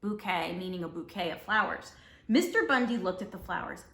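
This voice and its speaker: Teacher reading a children's book aloud: woman, bright and animated, higher voice, roomy echo. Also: moderate pace. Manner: expressive and warm toward children. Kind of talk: read-aloud storytelling for children.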